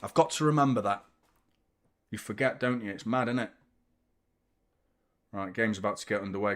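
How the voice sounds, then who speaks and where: A man's voice: fairly low pitch, normal speed, pauses often. A young adult man, hosting a live football watchalong, chatting casually, reacting to play and thanking viewers by name. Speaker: fan channel host.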